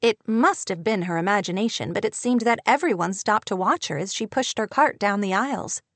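A woman narrating a romance novel in a steady, even storytelling voice. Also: medium pitch, brisk, dry recording. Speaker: audiobook narrator. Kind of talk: scripted narration.

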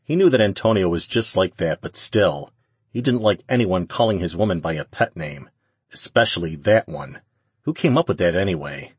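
A man narrating an audiobook in a steady, even read. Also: deep voice, moderate pace, breathy edge, no room sound. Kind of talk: scripted narration.

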